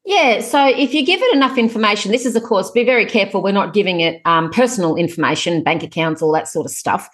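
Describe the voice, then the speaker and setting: A middle-aged woman speaks as an author guest on a casual interview podcast. She talks in a chatty, animated way, leaping up in pitch when she gets excited. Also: fast, few pauses.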